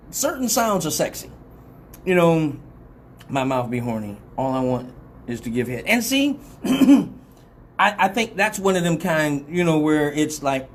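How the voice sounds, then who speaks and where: A woman's voice: sits low, a little hiss or hum. A woman hosting a live radio talk show, blunt and profane, rambling, laughing often and slipping into mock voices as she talks.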